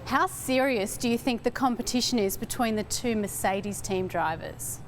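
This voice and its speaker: A woman hosting a motorsport magazine show, reading scripted links and asking interview questions in a poised, even delivery. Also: a little high, normal speed, soft background music. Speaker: show host.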